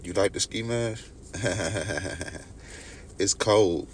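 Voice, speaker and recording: A man's voice: sits low, drawn-out words, a little hiss or hum. A young man with a Texas accent, just woken up, chatting casually with his livestream viewers and greeting them by name. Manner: laid-back, talks to chat by name. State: just woke up, sipping coffee.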